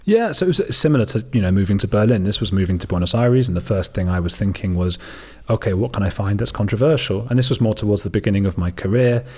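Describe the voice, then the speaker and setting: A man with a very low, husky voice. He tells long, rambling stories in relaxed interview chat and slips into little impressions of the people he describes. He sits close to a desk microphone. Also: fast. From United Kingdom. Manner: rambling storyteller, mimics people he quotes. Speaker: documentary filmmaker, guest. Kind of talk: casual interview conversation.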